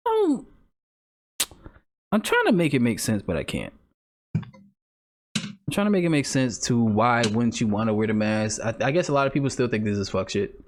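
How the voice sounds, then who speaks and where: A man's voice: mid-range voice, wildly swooping pitch, normal speed, pauses often. A young man co-hosting a podcast in casual banter, laughing often, swearing freely and drifting into rambling asides. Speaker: podcast co-host.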